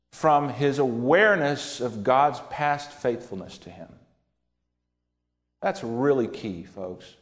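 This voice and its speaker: A man preaching a sermon in a folksy, animated storytelling manner, acting out quotes from scripture stories. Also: mid-range voice.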